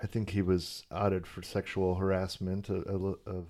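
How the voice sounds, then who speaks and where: A man co-hosting a podcast, recapping cartoon episodes in casual chat with wry, deadpan jokes. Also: sits low, moderate pace. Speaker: podcast co-host.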